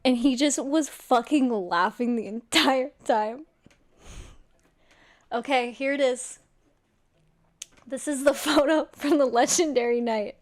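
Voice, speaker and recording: A young woman streamer telling a story to her viewers in a casual, excitable way, swearing a lot. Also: high voice, slow pace, long pauses.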